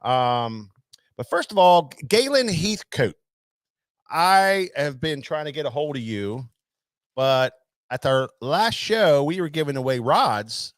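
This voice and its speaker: A man's voice: a little high, sing-song, slow pace, no echo, clean studio sound. A man hosting a live fishing tackle show, calling out viewers by name with lots of energy and loose filler words. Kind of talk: casual live-stream hosting.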